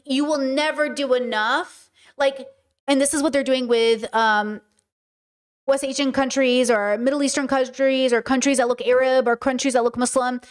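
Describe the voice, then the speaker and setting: A young adult woman talks in a casual, passionate monologue, with a voice pitched a little high. She is emphatic and circles back to repeat her points as a podcast host.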